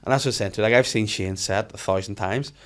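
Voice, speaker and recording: A man hosting a podcast, telling animated stories in casual chat and swearing freely. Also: fairly low pitch, fast talker. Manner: animated storytelling, frequent swearing. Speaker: podcast host.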